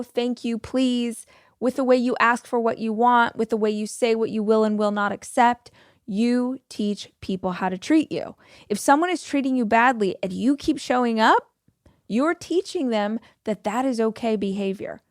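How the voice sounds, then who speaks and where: A woman's voice: on the high side, no echo, clean studio sound. A woman in her forties hosting a podcast, giving firm, emphatic self-help advice in a motivational monologue. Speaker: podcast host.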